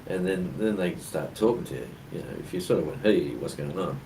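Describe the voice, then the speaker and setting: Deep-voiced Australian man, rambling, distant mic. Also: a little fast. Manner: rambling storyteller with many fillers. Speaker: co-host. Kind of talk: casual chat. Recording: distant mic with clear background noise.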